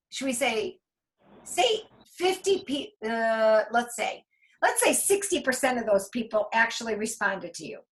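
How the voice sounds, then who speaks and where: An enthusiastic woman leading a casual team training over a video call, talking through numbers out loud. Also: fairly high pitch, poor audio.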